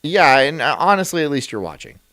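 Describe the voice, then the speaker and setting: A man's voice: a little high, sing-song, brisk, bright, forceful tone, no room sound. A man streaming, reacting to a video in rambling, crude and self-mocking casual chat.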